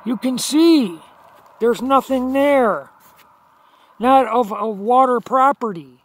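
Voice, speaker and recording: Man, high voice, slow and insistent, repeating himself to viewers, phone recording outdoors at night. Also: dry recording. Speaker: video blogger. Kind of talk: filming outdoors, talking to viewers. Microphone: phone camera held while filming.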